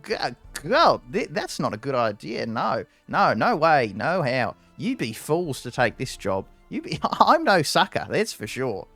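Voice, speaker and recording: A man's voice: mid-range voice, measured pace, hardly any pauses, no room sound, faint music behind, pitched above the performer's own voice, exaggerated voice. A man doing a brash, swearing pilot. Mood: defiant. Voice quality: brash, profane, excitable. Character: cocky male ship pilot who swears a lot.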